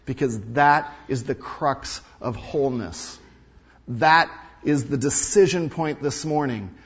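A male pastor preaching a sermon, emphatic, repeating key lines and swinging between loud and hushed delivery. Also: mid-range voice, takes it slowly, husky. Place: large hall or sanctuary. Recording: dull sound with long hall reverb.

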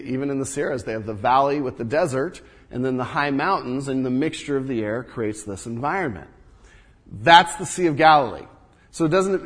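A man preaching a sermon as pastor, moving between loud emphatic bursts and hushed low asides. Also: slightly rough. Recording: long reverb of a large hall.

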